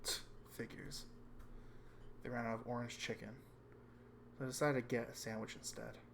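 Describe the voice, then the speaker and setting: A man reading a visual novel aloud with calm first-person narration. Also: mid-range voice, normal speed, gravelly, background noise. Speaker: reader.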